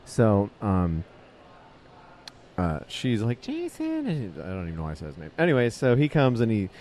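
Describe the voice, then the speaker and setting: A man's voice: lowish voice, animated, normal speed, darkish tone, a little hiss or hum. A man in his late twenties, a comedian guest, telling a long story in a rambling, profane way with many fillers and restarts. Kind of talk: casual storytelling interview.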